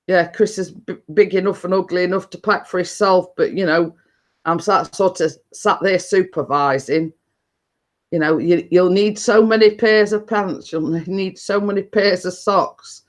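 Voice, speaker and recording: A middle-aged woman hosting a live stream chats casually with her viewers in a lowish voice at a normal pace. She laughs a lot and keeps restarting her sentences.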